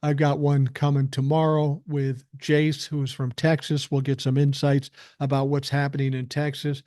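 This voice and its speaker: An older man doing a live stream from his living room as a podcast host delivers a casual, blunt rant peppered with profanity. His mid-range, mellow voice is completely flat and moderately paced, with no echo and studio-quality sound.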